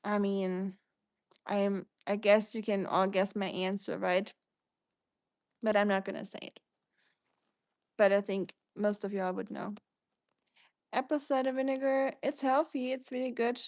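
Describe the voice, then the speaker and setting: A woman's voice: medium pitch, flat delivery, unhurried, pauses often, a little mellow, dry recording. A woman from Germany with a German accent, hosting a casual livestream and chatting through viewer comments in a rambling way. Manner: chatty, rambling, reads out comments and answers them. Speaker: livestream host.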